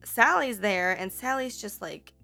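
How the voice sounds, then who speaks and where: Bright-voiced woman casually recapping a movie. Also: medium pitch, animated, unhurried, gravelly, faint music behind. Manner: chatty and rambling, self-correcting, playful swearing.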